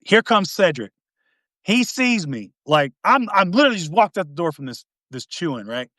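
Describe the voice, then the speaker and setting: Speaking at a moderate pace in a high-pitched voice, this middle-aged podcast host from East Tennessee chats casually and spins lively stories, voicing each character he quotes. The studio-quality recording is dry.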